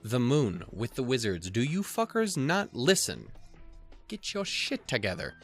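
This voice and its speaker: A man's voice: mid-range voice, wildly swooping pitch, measured pace, faint music behind. A young man hosting a let's play, swearing and joking as he reads the game text aloud. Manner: crude, joking, swears a lot. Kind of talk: casual game commentary.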